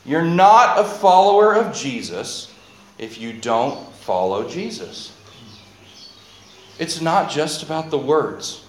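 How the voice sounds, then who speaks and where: A man preaching a sermon, joking aside to his listeners and reading scripture slowly. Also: a little high. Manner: animated, jokey asides, reads scripture slowly. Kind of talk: sermon with audience participation. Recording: echoey hall, faint ambience.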